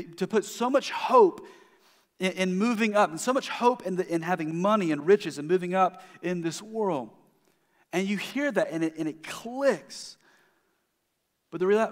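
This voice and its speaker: A man giving a sermon as the pastor, telling a story in a conversational way with frequent restarts. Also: a little high. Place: church sanctuary. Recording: long hall reverb.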